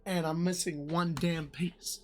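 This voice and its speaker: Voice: medium pitch, flat delivery, a little slow. A streamer chatting casually while gaming, swearing often and laughing a lot, with the hiccups. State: has the hiccups. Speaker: streamer playing an online game.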